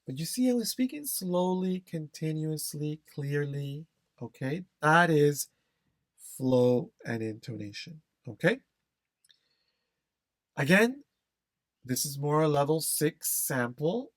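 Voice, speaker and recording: A man's voice: on the high side, animated, slow pace, pauses often, dry recording. A man teaching an exam-prep lesson, stressing key phrases, repeating them and checking in with "okay?". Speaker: English test instructor.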